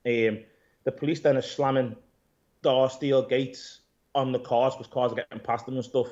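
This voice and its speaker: A man, an interview guest who owns a gym, retelling events in a rambling, animated way, swearing and calling people "mate". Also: medium pitch, normal speed. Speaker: interview guest, gym owner and pro bodybuilder. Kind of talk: casual storytelling interview. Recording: dull lo-fi audio.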